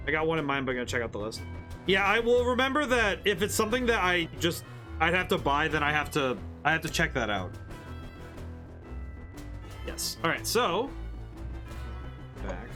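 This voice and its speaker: A man's voice: sits high, sharp tone. A man streaming a game, chatting loosely with viewers and rambling through his thoughts. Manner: rambling, self-correcting, chatty asides to chat. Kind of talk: casual live-stream commentary.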